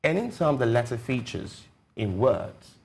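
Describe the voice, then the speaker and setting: A man's voice: medium pitch, very animated, a little slow, creaky. A man with a Nigerian accent, a guest educationist on a studio panel, explaining points with examples in a teacherly way. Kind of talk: panel discussion.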